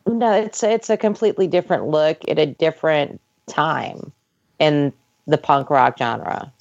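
A woman's voice: low-pitched, unhurried, gravelly, a little mellow. A woman guest on a podcast in casual chat, chiming in knowingly with facts. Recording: dull lo-fi audio.

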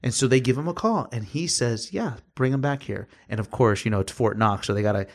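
A man's voice: on the low side, quick pace. A man casually telling a story about his work as a service advisor, acting out the dialogue with lots of energy. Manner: animated, acts out quoted dialogue, swears casually. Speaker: podcast guest, former service advisor.

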